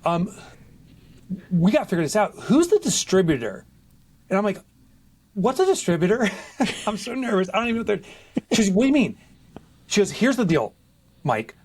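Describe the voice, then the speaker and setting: A man, a podcast guest telling a story with lots of life and acting out the people in it. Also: fairly high pitch. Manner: lively, acts out other people in quoted voices. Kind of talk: animated storytelling in conversation. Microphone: podcast microphone.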